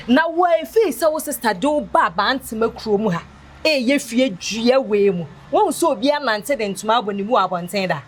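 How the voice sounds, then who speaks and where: A woman's voice: high voice, a little hiss or hum. An actress with a Ghanaian accent playing a woman who scolds and questions a younger woman in a film drama.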